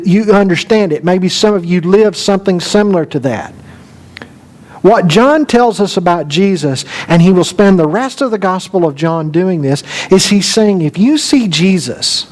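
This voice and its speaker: A middle-aged male preacher telling a folksy, animated story during a sermon. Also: sits high.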